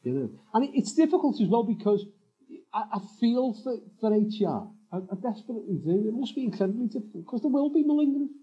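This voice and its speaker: A man's voice: extremely high pitch, very animated, quick pace, slightly rough, muffled recording. A man, a writer and former police officer, speaking as a guest in a live on-stage interview, telling candid, rambling stories full of "you know"s. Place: live summit stage before an audience.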